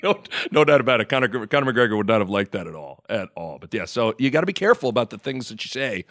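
A man's voice: medium pitch, very animated, quick pace, fairly bright tone, no echo, studio quality. A man hosting a podcast, telling stories in casual chat and acting out quotes. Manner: storytelling, laughs often, acts out quotes. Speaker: podcast host.

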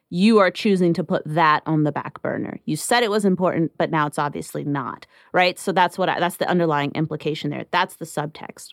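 A podcast host, a woman in her thirties with a lowish voice, talks in a chatty way and dramatizes the words of people she quotes, recorded at studio quality with no room sound.

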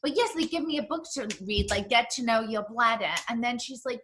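A woman's voice: a little high, lively intonation, brisk, fairly bright tone, a little hiss or hum. A woman with a British accent touched by New Jersey, co-hosting a casual podcast and telling frank, self-deprecating stories. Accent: British with some New Jersey. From Britain. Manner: candid, self-deprecating storyteller. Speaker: podcast co-host.

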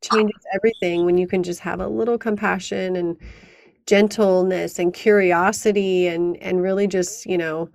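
A woman's voice: on the low side, steady tone, normal speed, vocal fry, a little mellow. A woman hosting a podcast, responding in an affirming, reflective conversational way. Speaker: podcast host. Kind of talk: casual interview conversation.

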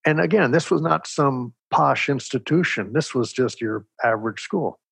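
An older man from Texas, an interview guest telling stories in a measured, reflective way, with a husky voice. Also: medium pitch, no room sound. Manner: measured, reflective, animated storyteller. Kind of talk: storytelling in conversation.

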